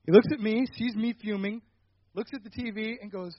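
A young man giving a personal faith testimony, telling a story animatedly and getting loud at the dramatic parts. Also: high-pitched, fairly quick, no room sound, muffled recording. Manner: animated storytelling, rising loud when retelling anger.

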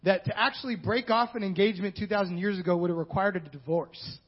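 A man's voice: high voice, fast talker, breathy edge. A male pastor preaching a sermon in a conversational style with joking asides. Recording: dull lo-fi sound.

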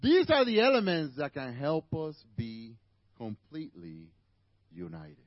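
A man's voice: a little high, huge pitch swings, a little slow, no echo, highs cut off. A man with a Spanish accent, native Spanish speaker, preaching a conversational sermon to a church congregation with asides to the listeners.

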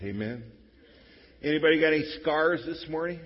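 A middle-aged pastor delivering a sermon in a church, his voice husky and a little breathy. He talks to the congregation conversationally, dropping to a hush and then rising to loud exclamations. The long reverb of the hall and a dull, lo-fi recording surround him. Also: mid-range voice, moderate pace. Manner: conversational, swings from hushed to shouting. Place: church sanctuary.

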